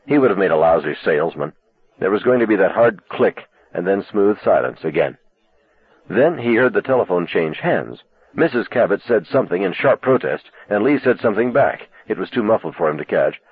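A man's voice: lowish voice, big pitch swings, fairly quick, slightly rough. A man narrating an audiobook expressively. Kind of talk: scripted narration. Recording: tinny, dry lo-fi cassette audiobook.

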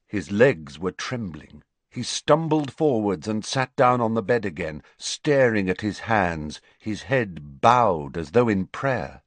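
Male audiobook narrator, low, lively intonation, unhurried. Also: no room sound. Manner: slow, expressive storytelling.

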